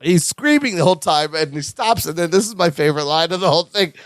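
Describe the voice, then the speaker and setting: A man's voice: a little high, animated, quick pace, no room sound. A man co-hosting a podcast, animatedly retelling a sitcom episode in casual chat and laughing often. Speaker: podcast co-host.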